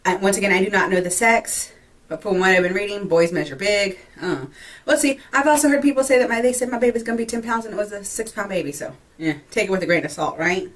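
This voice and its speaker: A woman's voice: medium pitch, fast talker, hardly any pauses. A young woman from Texas chatting casually in a pregnancy vlog, laughing often, full of fillers and a little short of breath. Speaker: vlogger. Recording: voice a bit far from the mic.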